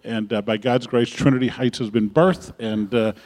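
A man's voice: mid-range voice, steady tone, moderate pace, long reverb tail. A man serving as pastor, giving church announcements and praying before a congregation, talking in a folksy way with frequent fillers. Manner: folksy, warm-hearted chatter with frequent uh fillers.

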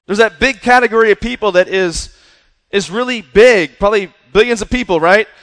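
A man with a high, lively voice preaches to young people, driving his points home with a conversational energy. His talk carries the long reverb of a large hall. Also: a little fast. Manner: energetic, repeats "right?" and "listen". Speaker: youth pastor.

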